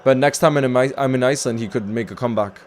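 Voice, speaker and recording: Hosting a live football watchalong, a man talks very fast in a mid-range voice over slight background noise. He chats casually, reacts to the match, reads out viewer comments and talks to his pet.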